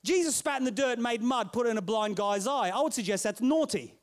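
Speaking briskly in a very high-pitched voice, a middle-aged pastor shares a story in his sermon, full of playful animation and calling out to his congregation.

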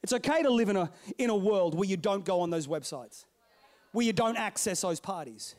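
A middle-aged male pastor telling a story in a sermon, playful and animated, calling out to his congregation. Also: high voice, a little fast.

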